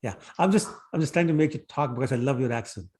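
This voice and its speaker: A man ending an online class and chatting warmly, often repeating himself. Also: mid-range voice, lively intonation, fast. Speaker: class teacher. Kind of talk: end of an online class, casual chat. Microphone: video call.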